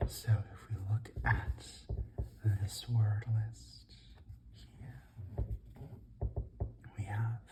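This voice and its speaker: An ASMR host softly whispering through a study session, carefully sounding out each word. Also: mid-range voice, level tone. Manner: slow, soft, carefully sounding out words.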